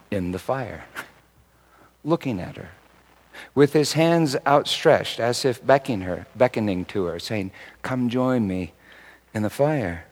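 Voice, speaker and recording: Man preaching, hushed then forceful. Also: lowish voice, rough recording. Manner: swings from hushed to loud emphatic. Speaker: pastor. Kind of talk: sermon with personal story.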